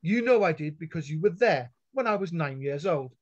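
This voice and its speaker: A bold young noblewoman speaks up in a high, clear voice that sits above the crowd, as a male reader puts her on. She is firm and sure of her rights. The sound is dull and lo-fi, like an online call. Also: animated, normal speed.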